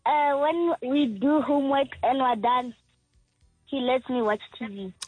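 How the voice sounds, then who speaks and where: A woman's voice: high voice, measured pace, darkish tone, breathy edge, no echo, faint music behind, poor audio. A young girl calling in to a radio show, giving shy, short answers. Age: child. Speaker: child caller. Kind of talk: phone-in chat.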